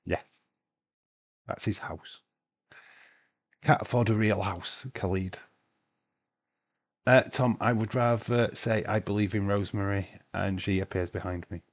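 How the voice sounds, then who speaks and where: A man's voice: fairly low pitch, steady tone, measured pace, pauses often. A man hosting a casual live watch-along stream, chatting loosely, answering viewers' comments and swearing now and then. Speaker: livestream host.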